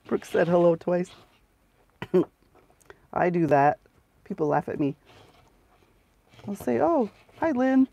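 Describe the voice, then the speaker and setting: A woman's voice: on the low side, slow pace, creaky, pauses often, warm tone, a little hiss or hum. A middle-aged woman, the host of a crafting livestream, chatting casually and sarcastically to her viewers as she works, close to the mic. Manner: chatty, sarcastic, talks to herself while working.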